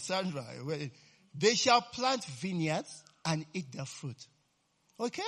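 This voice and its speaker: Husky, lively joking preacher man. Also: fairly high pitch. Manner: chatty, joking, prompts the audience with eh and amen. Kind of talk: sermon.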